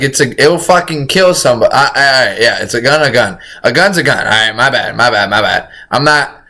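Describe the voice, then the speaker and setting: A man's voice: mid-range voice, sharp tone. A man streaming a casual reaction, rambling in slangy, profane talk and saying "bro" constantly. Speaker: streamer reacting to a crime video.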